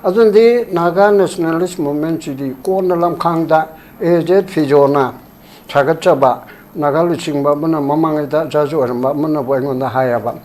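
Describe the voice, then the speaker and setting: An older man being interviewed about politics, speaking rapidly and emphatically, sometimes quoting documents in English. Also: a little high, a little mellow, a little hiss or hum. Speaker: former human rights commission chairperson, interview guest.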